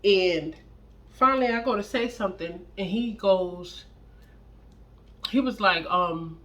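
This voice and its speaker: A young adult woman telling a blunt, profane storytime about a relationship, with animated, acted-out quotes. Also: medium pitch, takes it slowly. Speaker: storytime vlogger. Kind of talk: casual storytime monologue.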